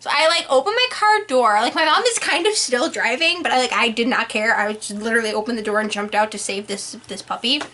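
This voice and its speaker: A teenage girl telling an embarrassing story to friends in casual chat, giggly and animated, with lots of "like". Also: on the high side, fast talker, few pauses, a little hiss or hum. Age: teens.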